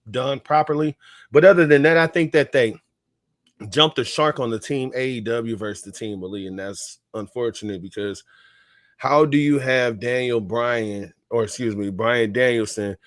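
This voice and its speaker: A man's voice: on the low side, fairly bright tone, no echo, studio quality. A man on a wrestling podcast panel, giving blunt, opinionated takes in casual chat. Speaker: podcast co-host.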